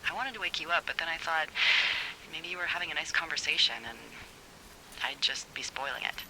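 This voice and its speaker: An actress voicing a witty, teasing woman fire lookout boss on a radio in a video game, with a breathy voice and playful banter. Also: low-pitched, fairly quick, sharp tone, a little hiss or hum, low-quality recording. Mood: confiding.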